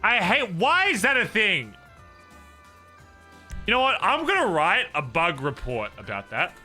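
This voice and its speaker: An Englishman is streaming a roleplay game, chatting casually with viewers, rambling and poking fun at himself while laughing at his own remarks. His voice is high-pitched with wildly swooping pitch, an unhurried pace and a sharp tone, over soft background music.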